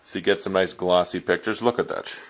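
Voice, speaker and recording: A man's voice: deep voice, fairly even intonation, a little fast, low-quality recording. A man chatting casually on camera, rambling and enthusiastic as he reviews his new films. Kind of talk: casual unscripted vlog. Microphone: handheld camera, self-recorded.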